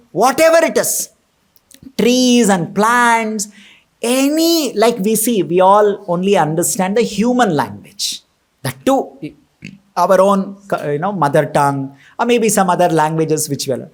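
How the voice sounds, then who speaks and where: A man with an Indian accent giving a scripture lecture at a temple, explaining verses line by line and asking rhetorical questions. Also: sits high. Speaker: temple speaker.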